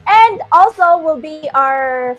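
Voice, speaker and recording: A woman's voice: high-pitched, lively intonation, slow pace, faint music behind. A young woman with a Filipino accent hosting a live show, cheerful and laughing often, mixing English and Tagalog. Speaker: host.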